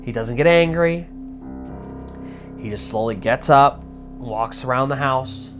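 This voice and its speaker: A man's voice: mid-range voice, a little slow, fairly bright tone, faint music behind. A man retelling a scary story in a casual, dramatic way, full of fillers like "like". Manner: chatty, dramatic, lots of "like" fillers.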